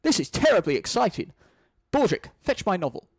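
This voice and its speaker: A man's voice: sits high, very animated, brisk, no echo, pitched above the performer's own voice, exaggerated voice. A man reading a screenplay aloud, voicing a sardonic, scheming male butler with a dry, exasperated manner. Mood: sarcastic. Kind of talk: screenplay read-through.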